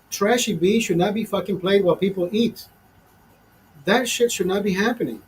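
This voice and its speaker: A fifty-year-old man rants through a rambling story, cursing freely and sounding fed up. His voice sits a bit high for a man. A faint hiss of background noise sits under the recording. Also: rough recording. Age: 50s. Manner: profane, exasperated, rambling. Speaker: show host. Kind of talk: casual storytelling rant. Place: small studio.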